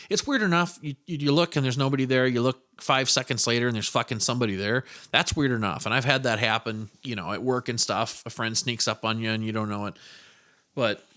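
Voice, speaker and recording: Speaking in a mid-range, fairly bright voice, this Midwestern American man runs a podcast on his own. He spins stories in a meandering style and swears casually along the way.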